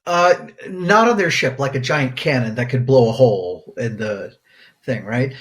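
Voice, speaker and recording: A man co-hosting a podcast in loose, casual banter. He rambles through thoughts full of "you know" and "um" and laughs easily. His pitch sits in the middle for a man. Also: animated, normal speed, fairly bright tone. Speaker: podcast co-host, pediatric infectious disease doctor.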